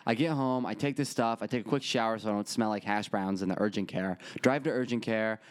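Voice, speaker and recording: A man casually telling a crude, animated story on a podcast, acting out the people in it. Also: fairly low pitch, fast talker, clean tone, no echo, clean studio sound.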